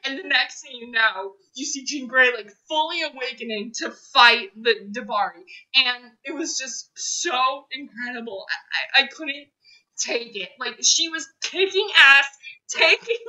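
A woman's voice: sits high, lively intonation, a little slow, pushed and bright, low-quality recording. A young woman reviewing a film in a casual monologue, gushing and repeating herself as she gets emotional. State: choked up, near tears.

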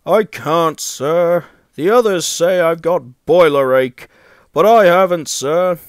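A man's voice: fairly high pitch, slow, no room sound, clean studio sound, pitched above the performer's own voice. A man voicing a proud, pompous big male steam engine who talks in a haughty, huffy way. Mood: gloomy.

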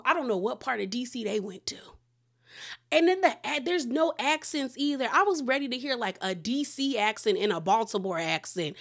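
A woman from the Washington DC area giving a chatty, opinionated recap of a reality show, her pitch jumping up when she gets excited. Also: moderate pace. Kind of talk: casual recap commentary.

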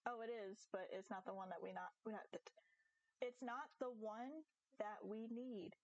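A young woman chatting casually on a live game stream, giggly and animated, talking to her viewers and her cat. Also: mid-range voice, moderate pace, no room sound, lo-fi sound. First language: English. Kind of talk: casual live-stream chat while gaming.

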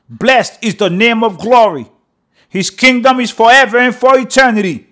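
A man with a notably high voice delivers a sermon. He reads prayer lines aloud and pauses to explain them in an emphatic teaching manner. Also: fairly bright tone. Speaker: religious teacher.

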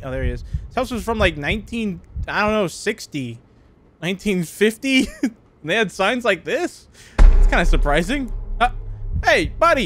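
A man's voice: fairly high pitch, fairly bright tone, slight background noise. A young man commenting on a horror game as he plays, jumpy and joking, laughing often. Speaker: gaming youtuber.

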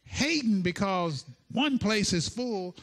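Pastor preaching, high voice, swings up and down a lot, playful and animated. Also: male voice, takes it slowly. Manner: animated, playful, acts out quotes. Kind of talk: sermon.

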